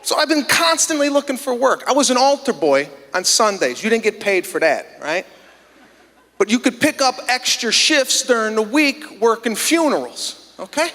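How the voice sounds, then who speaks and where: A man working a theater stage with a very high, piercingly bright voice, ranting in exasperated disbelief and acting out every exchange. The sound rings with a long hall reverb around his handheld mic. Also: lively intonation, normal speed. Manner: indignant, exasperated storytelling with acted-out dialogue. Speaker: stand-up comedian. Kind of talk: stand-up set. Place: theater stage before a live audience.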